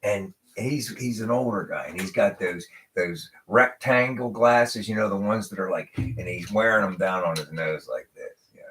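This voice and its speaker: An American man hosting a casual live show, telling a story with animated asides and acted-out quotes. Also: on the low side, normal speed, few pauses. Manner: animated storyteller, acts out voices of people in his story. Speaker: podcast host.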